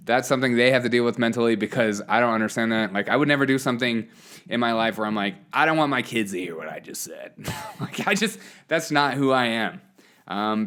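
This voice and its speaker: A man's voice: medium pitch, a bit bright, smooth. A man hosting his own show, talking through his views in a rambling monologue full of fillers and restarts. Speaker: show host. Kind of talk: casual opinion monologue.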